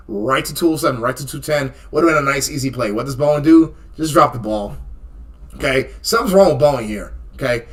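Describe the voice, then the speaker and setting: A man hosting a live trading stream, talking through stock charts in a casual, animated way and often checking in with "okay?" and "right?". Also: medium pitch. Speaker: stock chart analyst host.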